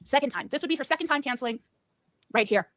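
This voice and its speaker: A woman streamer ranting angrily, profanely and fast about a cancelled debate. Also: high voice, lively intonation, fairly bright tone, dry recording. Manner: angry, profane, rapid-fire. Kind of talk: heated rant.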